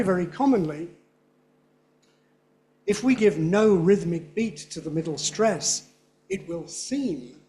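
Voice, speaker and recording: A man giving a lively conference lecture, often checking in with his audience. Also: sits high. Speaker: linguistics lecturer.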